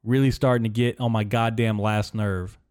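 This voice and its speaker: A man's voice: fairly low pitch, steady tone, normal speed, a little mellow, smooth, no room sound. A young man hosting his own podcast, ranting in a profane, rambling, sarcastic way into a close microphone. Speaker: podcast host. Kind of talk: casual solo podcast rant. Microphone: studio microphone.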